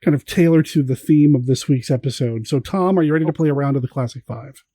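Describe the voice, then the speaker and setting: A man's voice: medium pitch, quick pace, mellow, no echo. A man hosting a podcast, asking his guest quiz questions in casual chat and laughing often. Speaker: podcast host.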